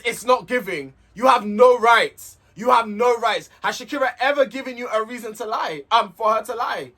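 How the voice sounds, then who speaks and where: A man's voice: very high-pitched, a bit bright. A man recapping a reality show in a casual, heated, sweary rant, repeating himself as he vents.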